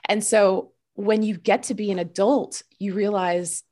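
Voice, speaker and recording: A woman guest in casual chat, self-deprecating and quick to laugh, turning earnest and reflective as she explains. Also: mid-range voice, fairly even intonation, darkish tone. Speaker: podcast guest.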